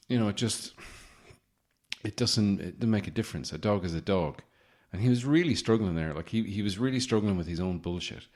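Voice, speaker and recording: Low-voiced male podcast host, sardonic, rambling comic monologue. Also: normal speed, darkish tone.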